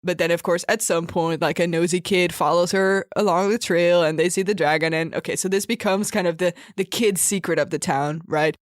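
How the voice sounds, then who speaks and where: A woman's voice: on the low side, fairly even intonation, fairly quick, hardly any pauses, dry recording, studio quality. A woman co-hosting a podcast, improvising a story in a chatty, rambling way with frequent laughs. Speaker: podcast co-host.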